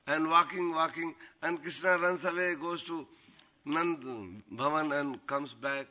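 A man tells devotional stories as a spiritual teacher, animated and quick to laugh. His voice sits slightly high, with a very sharp, bright edge. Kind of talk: devotional storytelling talk.

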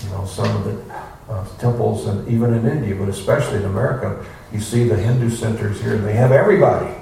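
This spiritual teacher speaks quickly in a fairly low, creaky, warm voice during a casual scripture class. He's folksy, full of rhetorical questions, playful asides and acted-out quotes; a distant mic captures him in an echoey room with faint noise.

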